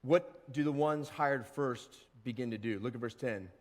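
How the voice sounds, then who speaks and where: A male pastor giving a casual, animated sermon and now and then acting out grumbling workers. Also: mid-range voice, normal speed, long reverb tail. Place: church sanctuary.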